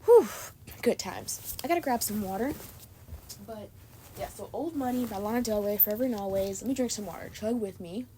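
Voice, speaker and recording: A young woman hosting her own podcast, chatting in a bubbly, gushing way and peppering her talk with "like" and "oh my God." Her voice is soft and mellow, a little sleepy, with faint noise behind her. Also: medium pitch, brisk. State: sleepy and tired. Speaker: podcast host. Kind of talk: casual chat.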